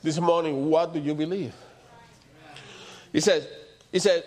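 A man preaching a sermon as pastor, asking the congregation rhetorical questions and answering them, swinging between loud emphatic lines and low quiet ones. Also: steady tone, a little slow, long pauses. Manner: rhetorical questions with call-and-response.

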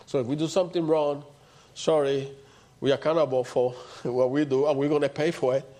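A man's voice: fairly high pitch, flat delivery, a little fast, mellow. A man preaching a sermon, repeating his points and building to emphatic outbursts.

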